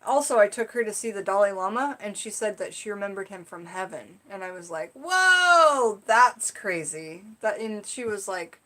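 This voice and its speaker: A woman's voice: medium pitch, brisk, few pauses. A woman teaching on a live stream about spiritual topics, telling a story in a casual, rambling way with lots of "like" and "you know".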